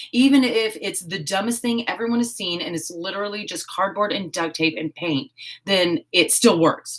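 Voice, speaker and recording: A woman hosting a casual live stream while crafting. She chats, giggles and thinks out loud. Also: mid-range voice. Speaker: host of a horse-themed channel.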